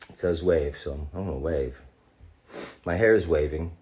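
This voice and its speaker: A man with a deep, low-set voice chats through a live fan Q&A, reading messages aloud and answering them with easy, teasing humor. He drops in fond asides to the audience as he goes. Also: moderate pace, darkish tone. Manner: playful, jokey, calls fans darling. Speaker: voice actor answering fan questions.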